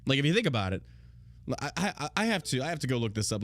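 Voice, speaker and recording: A podcast host with a mid-range, fairly bright voice talks fast in a sing-song way. He reads history aloud and rants, mocking everything crudely and swearing constantly in a casual style.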